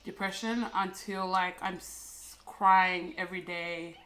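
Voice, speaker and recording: A young woman telling a candid personal story as a podcast co-host, soft and halting with many fillers and restarts. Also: on the low side, level tone, a little hiss or hum.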